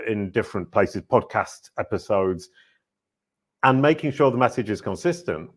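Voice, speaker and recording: A man hosting a podcast interview, talking in long energetic explanatory runs. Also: on the low side. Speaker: podcast host. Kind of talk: conversational interview.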